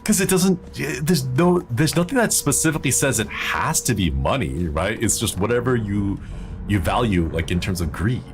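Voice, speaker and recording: A man streaming a horror game, chatting casually in a rambling, jokey way and getting easily excited. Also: medium pitch, normal speed. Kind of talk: casual gameplay commentary.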